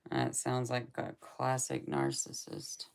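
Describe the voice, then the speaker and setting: A woman livestreaming and chatting casually, soft-spoken and often dropping to a whisper. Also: rumbling low, sing-song, slow, vocal fry, clean tone.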